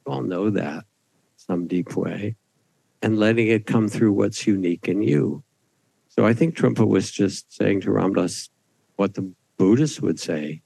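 Gravelly man teaching at a retreat. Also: fairly low pitch, measured pace, mellow, dry recording, low-quality recording. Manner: reflective, storytelling. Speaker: meditation teacher. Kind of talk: retreat panel talk. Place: retreat hall.

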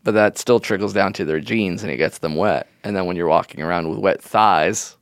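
A man's voice: sits low, brisk, no room sound, clean studio sound. A man co-hosting a podcast in casual comedic chat, rambling and joking with lots of fillers. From Miami. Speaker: podcast co-host.

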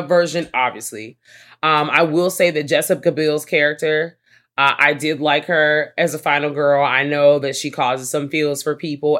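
A woman co-hosting a podcast, retelling a horror movie scene in a lively, animated way and swearing freely. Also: extremely low pitch. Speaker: podcast co-host. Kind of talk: casual movie recap chat.

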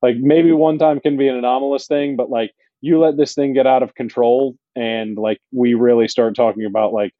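A man co-hosting a casual sports podcast, talking haltingly with many fillers. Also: mid-range voice, fairly even intonation, no echo, narrow, tinny audio. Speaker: podcast co-host.

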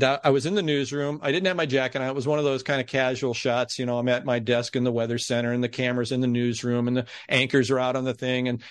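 A man who is a guest on a podcast, telling a story in a casual, animated way and acting out the people he quotes. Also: mid-range voice, dry recording, clean studio sound.

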